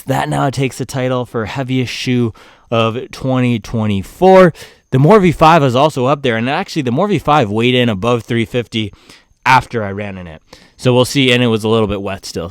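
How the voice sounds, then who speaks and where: A man reviewing running shoes in a loose, slangy way, tossing in jokes between his points. His voice sits at an everyday middle pitch. The recording is close and dry, with no room echo. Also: clean tone. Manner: laid-back and slangy, joking asides. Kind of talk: casual product review.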